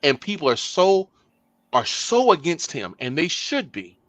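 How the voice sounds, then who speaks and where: A man hosting a podcast in casual political chat, talking emphatically and building to loud bursts. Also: a little high, big pitch swings, unhurried, no room sound. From Texas. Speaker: podcast host.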